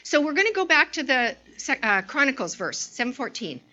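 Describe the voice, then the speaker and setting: Bright, lively woman preaching a story. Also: high-pitched, a little fast, dull audio. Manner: animated storytelling, lots of restarts and fillers. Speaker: women's ministry speaker. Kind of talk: informal sermon with personal story.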